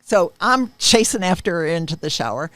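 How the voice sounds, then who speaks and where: A woman's voice: on the low side, very animated, moderate pace, fairly bright tone, dry recording. A woman in an interview, earnestly retelling a personal experience with vivid, emphatic moments. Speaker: interviewee sharing a personal testimony. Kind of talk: emotional personal storytelling.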